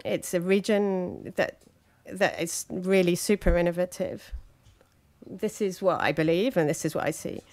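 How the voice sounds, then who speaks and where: A woman's voice: on the low side, animated, a little mellow. Hesitant woman interpreting a conference talk. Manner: hesitant, frequent fillers and halting phrases.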